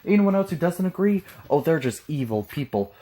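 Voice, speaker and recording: A man's voice: a little high, sing-song, a little fast, dark tone. A man from Texas giving mocking, sarcastic reaction commentary with frequent profanity. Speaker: commentary channel host.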